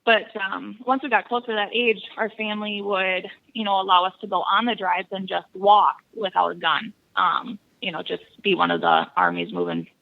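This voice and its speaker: A woman from Wisconsin tells stories as a podcast guest, laughing easily between anecdotes. Her voice has a gravelly, fry-tinged edge at a medium pitch. The recording sounds muffled and lo-fi. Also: moderate pace, few pauses. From Buffalo County, Wisconsin. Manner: laughs often, lively storyteller. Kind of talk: casual interview storytelling.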